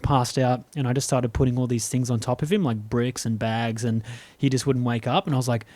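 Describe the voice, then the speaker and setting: A man co-hosts a casual podcast, spinning long rambling anecdotes full of restarts. His voice sits at an ordinary pitch. The sound is dry and close, with no room around it. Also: steady tone, a little fast, darkish tone, no room sound. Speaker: podcast co-host. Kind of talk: casual storytelling chat.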